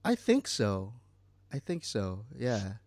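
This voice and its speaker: A man's voice: lowish voice, wildly swooping pitch, takes it slowly, darkish tone, dry recording. A man co-hosting a podcast, casually reading out a list and joking. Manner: reads from a list, light joking. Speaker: podcast co-host. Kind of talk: casual chat.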